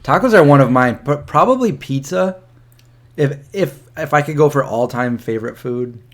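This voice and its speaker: A man's voice: medium pitch, animated, moderate pace. Easygoing man hosting a live chat. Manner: easygoing, reads out questions, shouts out viewers. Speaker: host. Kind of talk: live stream chat, reading viewer questions. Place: indoors, eating lunch. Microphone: external mic.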